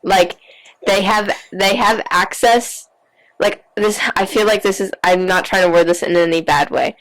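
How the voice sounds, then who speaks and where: A woman's voice: medium pitch, rough recording. A teenage woman co-hosting a casual chat, rambling and dramatic with many fillers. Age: late teens. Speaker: co-host.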